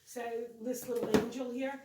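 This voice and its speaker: Woman rambling about her tree decorations, kinda high voice, echoey room, sounds a bit off mic. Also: little pitch movement, moderate pace, recorded from a distance, very noisy. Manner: rambling, chatty, self-correcting. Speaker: co-host of home decorating channel. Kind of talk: casual home vlog chat.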